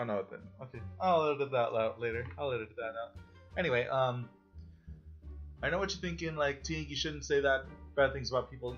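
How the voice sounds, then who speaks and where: A man's voice: mid-range voice, pushed and bright, highs cut off. A young man giving a casual, rambling review, blunt and profane, with exasperated outbursts. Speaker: online reviewer.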